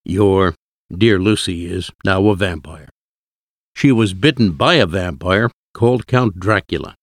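A man's voice: low-pitched, a little slow, no echo, studio quality. A man reading the part of an elderly vampire-hunting professor, solemn and firm. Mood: grave.

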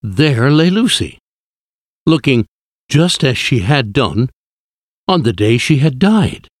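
A man narrating a storybook in a slow, measured, clear reading. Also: medium pitch, sing-song, no echo, studio quality.

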